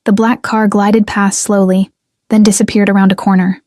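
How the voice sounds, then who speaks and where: A young woman narrates a first-person story in a measured, restrained way. Her voice is mellow and dark, and her pitch stays very level. The sound is dry and close. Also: flat delivery, dry recording.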